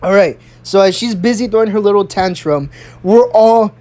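A young adult in their early twenties telling a storytime tale with a lot of swearing and tangents. The delivery is animated and rambling at a middle pitch. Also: normal speed. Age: early 20s. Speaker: vlogger. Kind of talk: storytime vlog.

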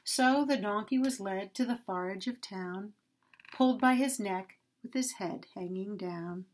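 A woman reading a rhyming story aloud to children at a church, expressive and sing-song. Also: mid-range voice, unhurried.

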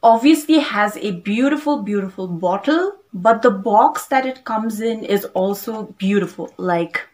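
A woman vlogger reviewing a perfume in a casual, gushing way, piling on drawn-out praise and often checking in with "okay?" and "like". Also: medium pitch, animated, a little mellow.

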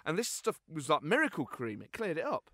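A man in his thirties hosting a podcast, a lively storyteller who laughs often in casual chat. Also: a little high, brisk, dry recording, clean studio sound. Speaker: podcast host.

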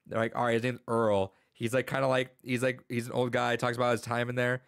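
Male podcast host, mid-pitched, casual and rambling, animated storyteller. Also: brisk, gravelly, smooth, no room sound, studio quality. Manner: animated storyteller, loose and rambling with many restarts. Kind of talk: casual chat, retelling a story.

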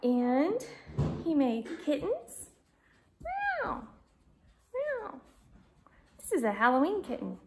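A woman's voice: high voice, big pitch swings, slow pace, gravelly, background noise. A woman teaching a Bible class to small children from home, in a sing-song, exaggerated way with songs and animal sounds.

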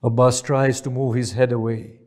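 A man's voice: medium pitch, level tone, moderate pace, darkish tone. A male preacher narrating a mournful sermon in a solemn voice that rises into lament.

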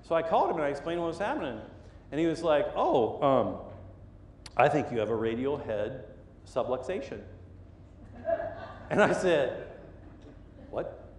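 A man's voice: medium pitch, sing-song, moderate pace, pauses often, reverberant, long reverb tail, a little hiss or hum. A middle-aged man preaching a sermon, telling a story with lots of energy and acting out the voices and sounds. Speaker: pastor. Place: church sanctuary.

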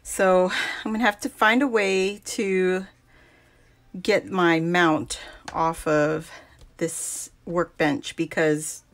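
A woman's voice: on the low side, steady tone, slow pace. A woman hosting a crafting livestream at her home workbench, chatting casually, greeting viewers by name and a little out of breath. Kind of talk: casual live chat. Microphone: phone on a mount.

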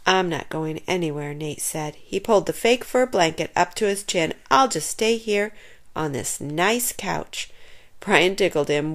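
A woman reading a children's chapter book aloud, narrating expressively and giving the characters lively voices. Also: fairly low pitch, unhurried. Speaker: storyteller.

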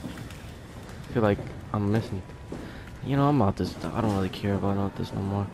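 A man playing a horror game, talking to it out loud, jumpy and quick to swear. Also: lowish voice, vocal fry, background noise. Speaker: gaming video host. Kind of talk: let's play horror game commentary.

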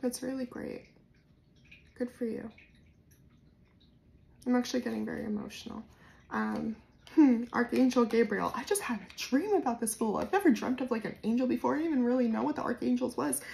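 A woman with a New Jersey accent giving a casual, spontaneous tarot reading to camera, swinging between soft musing and loud bursts. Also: a little high, brisk, vocal fry, long pauses, a little hiss or hum. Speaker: tarot reader.

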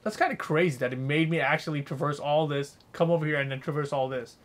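A man's voice: a little high, fast. A young man streaming a game, rambling casually and swearing while chatting with his viewers. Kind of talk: casual gameplay commentary.

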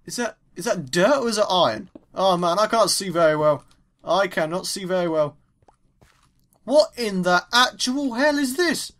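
A young man with an English accent giving chatty, excitable let's play commentary as he mines, exclaiming at each new find. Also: high voice. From England. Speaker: gaming YouTuber.

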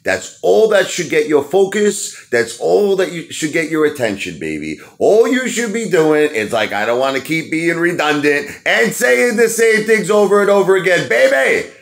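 A man vlogging about stocks in an excitable, rambling monologue, dropping "baby" asides. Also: a little high, moderate pace, gravelly, hardly any pauses.

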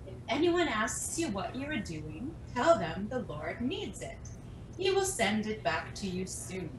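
A woman voicing Jesus as a calm, gentle man giving instructions in a children's Bible story, heard from a distance in a church. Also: medium pitch, measured pace, echoey room, background noise. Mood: calm instructing.

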